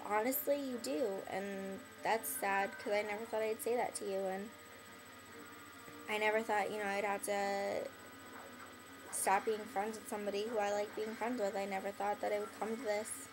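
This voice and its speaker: A woman's voice: mid-range voice, little pitch movement, moderate pace, background noise. Young woman rambling with constant "like"s. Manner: rambling, filler-heavy, "like" in nearly every phrase; blunt and bitter toward the listener. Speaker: vlogger addressing an ex-friend. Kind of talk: casual rambling monologue to camera.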